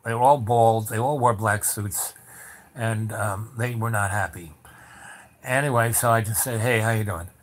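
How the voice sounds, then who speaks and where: A man's voice: fairly low pitch, measured pace, a little hiss or hum. Rambling man telling a story. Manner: rambling, many fillers and restarts; animated, acts out the voices of people in the story. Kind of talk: casual spoken anecdote.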